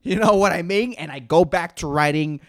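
A man's voice: a little high, moderate pace, dry recording, studio quality. A man, a stand-up comedian hosting his own podcast, rambling profanely with plenty of fillers. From Puerto Rico. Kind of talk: rambling solo podcast talk.

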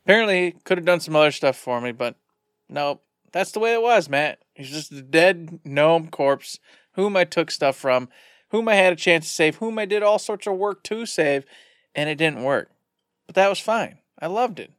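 A man co-hosting a podcast, retelling a game session in a rambling, animated way. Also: on the high side, moderate pace, dry recording, studio quality. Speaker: podcast co-host. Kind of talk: casual storytelling.

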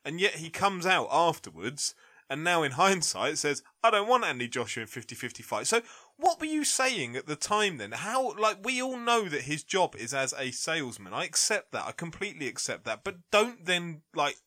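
A man's voice: a little high, normal speed. Blunt man ranting about boxing. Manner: blunt, animated ranting with frequent "like". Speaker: boxing pundit. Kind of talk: casual podcast debate.

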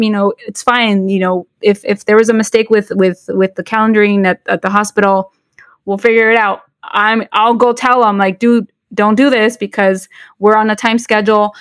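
A woman's voice: mid-range voice, fairly even intonation, normal speed, no echo. Chatty bilingual woman, dry close mic. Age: 40s. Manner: code-switching between English and Spanish, many fillers and restarts. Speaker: podcast co-host. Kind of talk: casual podcast chat.

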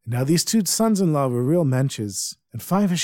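A man's voice: on the high side, expressive, moderate pace, warm tone, dry recording. Man telling a tale, dry close sound. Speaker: storyteller.

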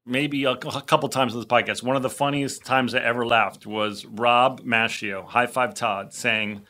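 Bright-voiced eager man host. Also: medium pitch, fairly even intonation, moderate pace. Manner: eager, talks over others, repeats himself. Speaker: podcast host. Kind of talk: casual chat.

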